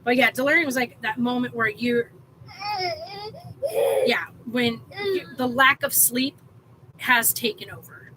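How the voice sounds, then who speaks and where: A woman's voice: on the high side, measured pace, pauses often, noisy background. An exhausted woman hosting a casual livestream, talking in a rambling way with many fillers. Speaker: livestream host.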